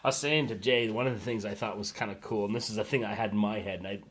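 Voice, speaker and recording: A man's voice: fairly low pitch, fairly even intonation, fast talker, background noise. A man brainstorming film ideas as a guest collaborator, eagerly jumping in with suggestions. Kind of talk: casual brainstorming.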